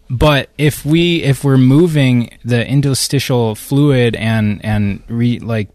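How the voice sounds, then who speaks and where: Low-voiced man, thoughtful explainer. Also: no echo. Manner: thoughtful, speculative explainer with hesitations. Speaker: podcast guest. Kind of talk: casual conversation.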